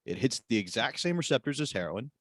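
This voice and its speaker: A man co-hosting a comedy podcast, delivering joke ad reads in a deadpan way and laughing at his own lines. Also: mid-range voice, quick pace, no echo, clean studio sound. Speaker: podcast co-host. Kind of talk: comedic mock ad read.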